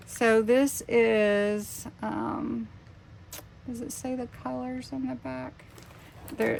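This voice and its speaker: Woman in her 50s, craft vlog host, unhurried, gravelly, overwhelmed and gushing, faint room noise. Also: on the high side. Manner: emotional, gushing, breathy exclamations. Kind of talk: casual unboxing vlog.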